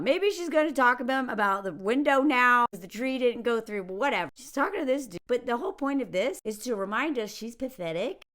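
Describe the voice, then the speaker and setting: A sarcastic woman gives a casual movie review, with a voice that sits a little high and swings widely in pitch. Her tone is mocking, and she often slips into a put-on Southern drawl to poke fun at what she describes. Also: fairly bright tone. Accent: Southern American put on for jokes. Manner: sarcastic, mocking, jumps into exaggerated character voices.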